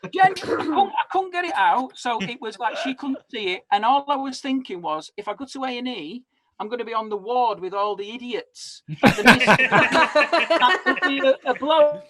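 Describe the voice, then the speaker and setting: A man's voice: very high voice, lively intonation, moderate pace, bright, forceful tone. A man in his forties, a comedian guest on a video call, rambling animatedly through self-mocking stories. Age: 40s. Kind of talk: casual chat.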